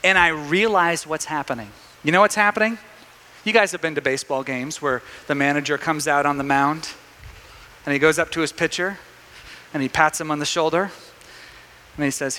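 A man preaching a sermon, telling a story in a lively way with many restarts. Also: high-pitched, moderate pace, in a large hall.

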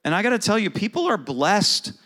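Conversational pastor, fairly high voice. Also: male voice, very animated, brisk, a bit bright. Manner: conversational, asks the congregation questions. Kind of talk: sermon.

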